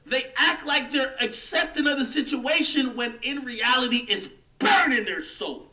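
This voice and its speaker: A man's voice: very high voice, animated, measured pace, pushed and bright, reverberant, far from the mic. A man hosting a livestream, delivering a heated, mocking rant in casual commentary. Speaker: livestream host.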